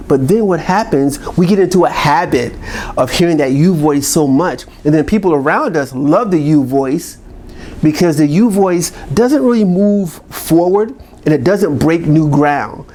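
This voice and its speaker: A man's voice: fairly high pitch, lively intonation, measured pace, warm tone. Emphatic man giving a pep talk. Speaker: motivational speaker. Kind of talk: direct-to-camera motivational talk.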